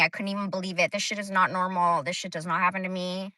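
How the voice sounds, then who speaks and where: A woman chats on a livestream, venting bluntly with plenty of swearing. Her voice has a bright, sharp edge, and she sits close to the mic. The sound is dry, with no room around it. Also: fairly low pitch, level tone, fast talker, no room sound. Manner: blunt, profane ranting. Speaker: livestream host. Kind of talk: casual livestream chat.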